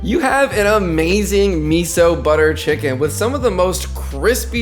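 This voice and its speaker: A man giving an upbeat, hyped recipe voice-over that speaks straight to the viewers. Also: fairly high pitch. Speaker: home cooking creator. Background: background music.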